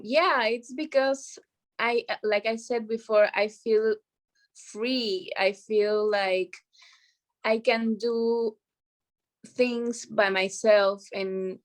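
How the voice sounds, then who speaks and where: A woman speaking English as a second language, a guest in a casual interview, halting and searching for words. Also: mid-range voice. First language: not English.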